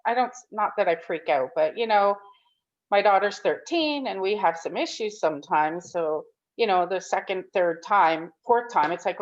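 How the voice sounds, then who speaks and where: A woman's voice: mid-range voice, animated, normal speed. A woman in her thirties or forties giving an emotional, rambling testimonial on a group call. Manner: rambling, upbeat, tearful at times. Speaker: program participant giving a testimonial. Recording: dull lo-fi call audio.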